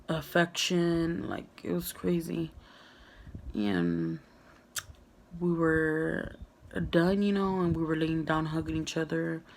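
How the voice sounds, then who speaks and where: A woman's voice: lowish voice, gravelly, darkish tone. A young woman vlogger telling a candid storytime, frank and full of swearing and "like". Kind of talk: casual storytime monologue.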